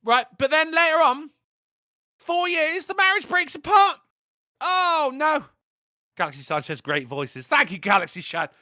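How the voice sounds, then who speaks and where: Lively bright-voiced man. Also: extremely high pitch, measured pace, pauses often, no room sound, studio quality. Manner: rambling, animated, jokey storytelling. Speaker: livestream podcast host. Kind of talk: casual crude chat.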